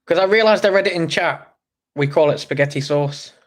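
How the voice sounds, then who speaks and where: A man's voice: a little high, brisk. A man from England hosting a casual livestream, reading chat comments aloud and joking with viewers. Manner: chatty, joking, reacts to chat messages. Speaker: livestream host.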